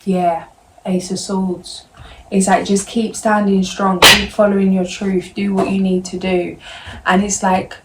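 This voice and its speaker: A woman giving a tarot card reading straight to her viewers, in a gentle, meandering and reassuring way. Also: medium pitch, level tone, a little slow, very noisy. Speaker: tarot reader.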